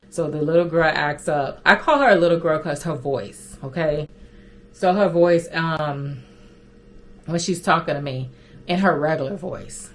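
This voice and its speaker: A woman's voice: low-pitched, measured pace, slight background noise. A woman from Haiti who works as a recruiter, casually telling viewers a story with an amused, chatty manner and frequent asides. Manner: animated, amused storytelling with many "right, y'all?" asides. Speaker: remote-work recruiter and vlogger.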